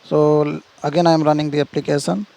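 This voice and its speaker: A man's voice: on the high side, little pitch movement, fast talker, gravelly, mellow, poor audio. A man teaching programming in a screen-share tutorial, walking through steps and checking in with "see" and "right?". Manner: explains step by step, repeats "see" and "right?", frequent restarts.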